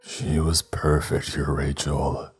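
A man voicing a frail, cruel old grandfather who speaks in a slow, wheezing croak, over faint music. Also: extremely low pitch, level tone, exaggerated voice. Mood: croaking menace.

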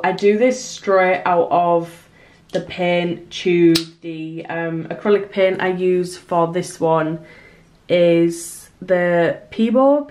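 A young woman chatting casually as she narrates her crafting work in a vlog, self-conscious and softly emotional at times. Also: fairly low pitch. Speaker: small business artist, vlogger.

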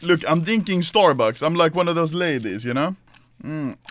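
Male host, animated pitch, jokey and loud, casual game commentary. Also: moderate pace, no room sound. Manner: excitable, joking, loud outbursts.

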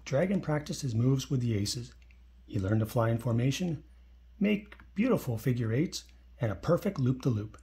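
A man reading a children's picture book aloud in a friendly, expressive way. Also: medium pitch, normal speed. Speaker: storybook reader.

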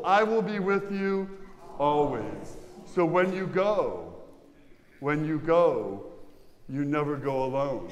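Male pastor, high-pitched, quizzes the pews, long church reverb. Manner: lively, asks the congregation questions. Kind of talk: sermon. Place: large church.

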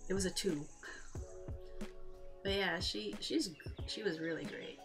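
A woman's voice: mid-range voice, measured pace, over music. A woman streamer chatting casually with viewers while she paints, often giggling between remarks. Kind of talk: casual livestream chat.

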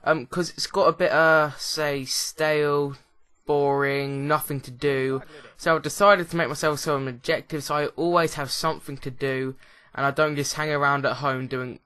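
A man's voice: on the high side, level tone, moderate pace, few pauses, bright, forceful tone, clear, resonant tone. A young man giving casual, rambling, jokey commentary while playing a video game. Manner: rambling, jokey, with many restarts. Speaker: let's play host.

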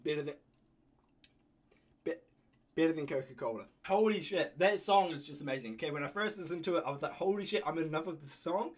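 A man from New Zealand with a New Zealand accent, reacting excitedly to an album while fighting a cold and coughing, gushing and laughing often. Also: on the high side, brisk. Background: music playing faintly.

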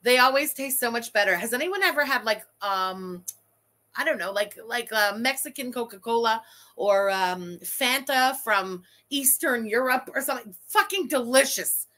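Bright, sarcastic woman commentator. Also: fairly high pitch, animated, moderate pace. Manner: blunt, sarcastic, swears freely. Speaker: commentary channel host. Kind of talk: reacting to a livestream.

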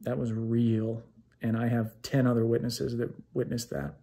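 Gravelly man telling a ghost story. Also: mid-range voice, moderate pace. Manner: animated, acts out quoted dialogue. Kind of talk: casual spoken ghost story.

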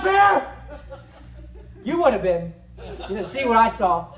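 A man preaching a sermon, telling a vivid dream story with animated delivery and then leading a prayer. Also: high-pitched, reverberant, rough recording. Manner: animated storytelling, acting out scenes, rising to shouts. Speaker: pastor.

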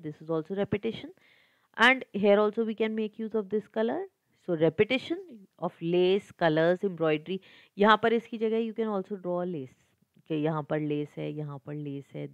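A woman's voice: fairly low pitch, no room sound, highs cut off. A woman teacher with an Indian accent explaining an exam paper step by step, slipping Hindi phrases into English. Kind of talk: exam lesson walkthrough.

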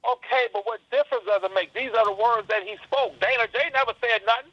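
A man's voice: very high-pitched, fast talker, sharp tone, no room sound, dull audio. A man calling in to a live stream, ranting angrily and swearing, repeating his points. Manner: angry, swearing, repeats himself. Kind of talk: heated call-in rant.

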